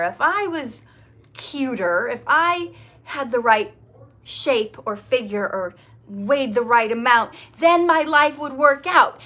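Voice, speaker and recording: A middle-aged woman hosting an inspirational talk, reading her poem and turning to viewers with earnest, animated asides. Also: high-pitched. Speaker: inspirational video host.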